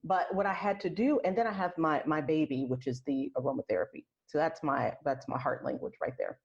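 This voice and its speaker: A woman talking as a podcast guest in casual interview chat, soft and reflective, often restarting her sentences. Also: sits low, brisk, vocal fry. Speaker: podcast guest, aromatherapist and health coach. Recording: lo-fi muffled sound.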